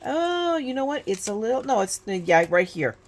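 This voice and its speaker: Very animated and on the high side, a woman speaks at a moderate pace over slight background noise. She's a Californian crafting YouTuber in her fifties, chatting casually through a tutorial with lots of do-overs and self-mocking humor.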